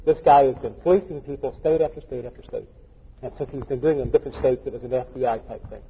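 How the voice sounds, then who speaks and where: A man's voice: mid-range voice, quick pace, a little hiss or hum. A male pastor preaching a folksy, joking sermon full of anecdotes, recorded in a dull, echoey church hall. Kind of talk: storytelling sermon.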